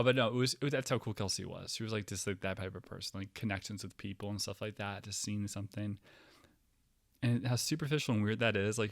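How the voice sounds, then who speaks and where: Low-voiced rambling man telling a story. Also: vocal fry, dry recording, clean studio sound. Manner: meandering, profane, swings from low mumbles to loud outbursts. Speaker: podcast host.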